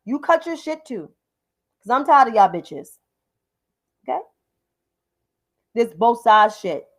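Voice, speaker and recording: A woman's voice: fairly high pitch, big pitch swings, slow pace. A woman hosting a livestream of political commentary, combative and profane, repeating names for emphasis.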